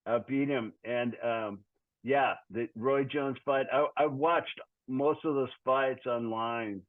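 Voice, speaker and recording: A man's voice: mid-range voice, fairly even intonation, slow, no echo. A man in his sixties, a guest musician, chatting in an easygoing, rambling way over a remote call. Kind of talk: casual podcast chat. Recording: tinny phone-like call audio.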